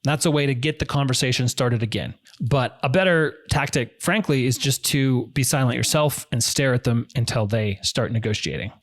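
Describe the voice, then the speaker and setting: A man's voice: mid-range voice, normal speed. A man coaching viewers on negotiation in a direct, emphatic instructional talk, often repeating key phrases.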